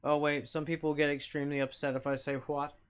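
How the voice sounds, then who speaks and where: A man's voice: fairly high pitch, flat delivery, fast talker, clean tone. A man streaming live, chatting casually and reacting to chat, rambling and swearing freely.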